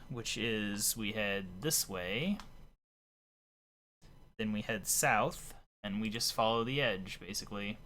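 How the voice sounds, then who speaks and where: A man giving casual, thinking-aloud commentary as he plays a game, his voice a little hoarse. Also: medium pitch. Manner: relaxed, thinking aloud while playing. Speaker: let's play commentator.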